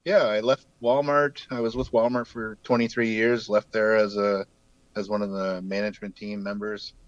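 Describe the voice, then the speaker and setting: A fairly low-voiced man in his forties talks in an unhurried, rambling way, with a faint New Brunswick Canadian accent. The sound is dull and muffled, with a close, dry quality. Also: little pitch movement, no room sound. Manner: easygoing, rambling with many fillers. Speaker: guest artist. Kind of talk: casual video-call chat.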